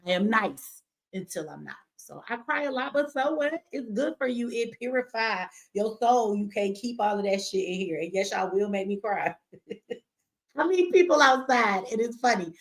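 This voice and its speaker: A woman's voice: fairly high pitch, fairly bright tone. A woman hosting a casual live stream from home, chatty and slangy, cussing and reading viewer comments aloud. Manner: chatty, slangy, cusses and laughs often.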